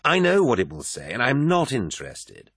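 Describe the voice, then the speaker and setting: A man's voice: mid-range voice, huge pitch swings, moderate pace, fairly bright tone, husky, no echo, studio quality, pitched above the performer's own voice, full character voice. A man voicing a sardonic, gloomy male poet who argues with sarcasm. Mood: scornful. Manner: sarcastic, argumentative.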